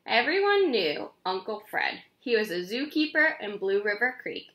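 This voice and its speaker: Lively bright woman reading aloud. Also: medium pitch, moderate pace, reverberant. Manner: expressive, animated read-aloud with character voices. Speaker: children's book reader. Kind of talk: reading a chapter book aloud.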